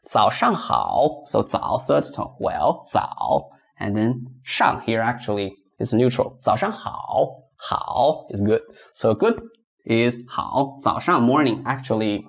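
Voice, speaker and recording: Man, mandarin chinese accent, native mandarin speaker, patient teacher, beginner pronunciation lesson, slow repetitions, mid pitch. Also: expressive, gravelly. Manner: patient, repeats words slowly for practice.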